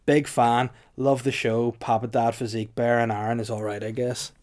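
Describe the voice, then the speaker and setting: A man's voice: medium pitch, level tone, moderate pace, darkish tone. A man with a Northern Irish accent hosting a casual comedy podcast, joking around and slipping into silly voices. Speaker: podcast host.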